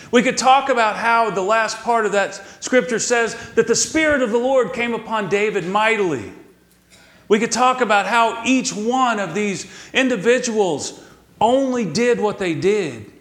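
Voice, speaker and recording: High-voiced Texan pastor preaching in a roomy hall. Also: male voice, fairly bright tone. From Texas. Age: middle-aged. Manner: folksy storytelling with drawn-out emphatic words. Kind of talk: sermon.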